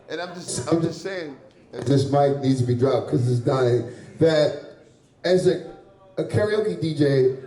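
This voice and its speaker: A man's voice: mid-range voice, dark tone. A man doing a loose, crude stand-up set, laughing at his own jokes and sweating on a handheld stage mic. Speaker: stand-up comedian. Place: small bar or club with a live audience. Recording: echoey room from far off.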